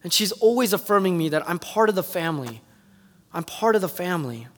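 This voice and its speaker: A male pastor preaches in a church, his fairly high voice ringing out with a long hall reverb around it. He tells stories earnestly and builds toward passionate calls to his congregation. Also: expressive, a little fast. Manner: earnest storytelling that builds to impassioned appeals. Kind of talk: sermon. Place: church sanctuary.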